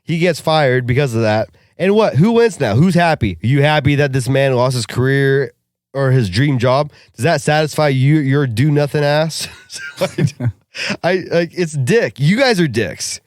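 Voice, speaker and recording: A man co-hosting a casual podcast, ranting in a profane, animated way and laughing often. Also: medium pitch, normal speed, no echo, studio quality. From Russia. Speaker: podcast co-host. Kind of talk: casual chat.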